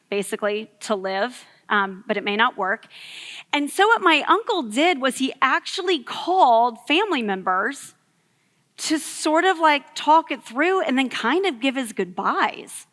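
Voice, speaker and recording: A woman in her thirties preaches to a youth gathering, telling a personal story in an easy, conversational way full of "like" and "um." Her voice sits high and sounds bright and forward. It carries a long echo from the hall she speaks in. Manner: storytelling, conversational with many fillers. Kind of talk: sermon. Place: church hall. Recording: echoey hall.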